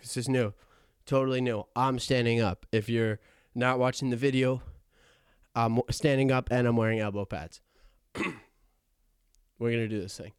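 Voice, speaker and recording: In a rambling, jokey podcast monologue recorded in his attic, a young host makes fun of himself, stammers often and wanders into asides. His mid-range voice is a little mellow, clear and resonant, in a dry, studio-quality recording.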